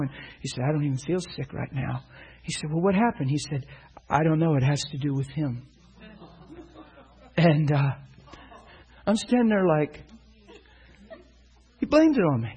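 A man's voice: a little high, normal speed, breathy edge, poor audio. A middle-aged man preaching, telling a personal story and acting out the dialogue with animation. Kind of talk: sermon storytelling.

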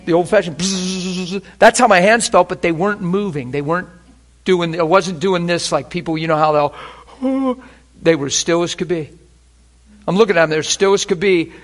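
High-pitched preacher guy telling his story, goes quiet then gets loud and laughy. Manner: animated storytelling, swings between hushed quotes and loud laughing bursts. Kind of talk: sermon testimony.

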